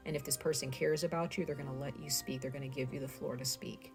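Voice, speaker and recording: A woman's voice: very deep voice, steady tone, fast, hardly any pauses, over music. A woman giving a casual tarot reading, talking straight to her viewers with lots of fillers. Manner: chatty, speaks straight to viewers with many fillers. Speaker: tarot reader.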